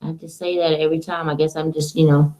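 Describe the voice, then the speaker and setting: Mellow-voiced woman chatting on a live stream. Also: sits low, little pitch movement, fast talker, low-quality recording. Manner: rambling, chatty, talks to her viewers and her dog. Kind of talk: casual live-stream chat.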